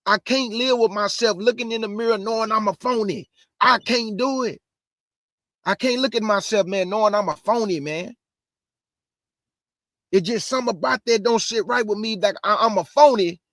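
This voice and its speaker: A high-voiced man preaches over a livestream as an online Bible teacher, quick, emphatic and conversational, returning again and again to the same phrases. His tone is fairly bright; the close mic gives a dry sound without room ambience.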